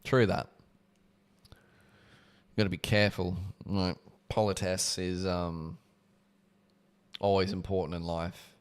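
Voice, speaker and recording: Low and smooth, this man's voice moves little in pitch, and he reads slowly with long pauses. He's reading a book aloud on a livestream, breaking off between passages for casual asides with swearing.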